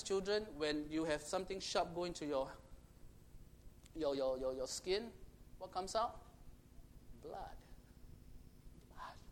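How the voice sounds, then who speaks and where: A man preaching a sermon to children, storytelling dramatically and swinging between loud and hushed. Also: fairly high pitch, a little hiss or hum.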